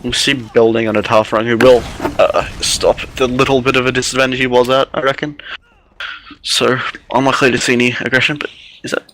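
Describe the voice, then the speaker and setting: A man casting a live online game match, calling the play quickly and chatting with his co-caster. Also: medium pitch, little pitch movement, a bit bright, poor audio. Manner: quick, chatty, laughs often. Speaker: esports caster.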